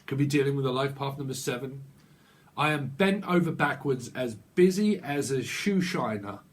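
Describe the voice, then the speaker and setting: A man's voice: medium pitch, lively intonation, moderate pace. A man giving a casual, improvised tarot reading. He rambles playfully, chuckling and riffing on wordplay. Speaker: tarot reader.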